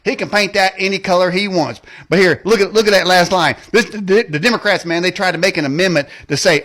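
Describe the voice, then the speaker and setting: A man's voice: high-pitched, brisk, bright, forceful tone. A man hosting a political rant show, mocking and rambling in folksy slang, laughing at his own jokes and tacking "man" and "okay" onto his lines. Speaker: host.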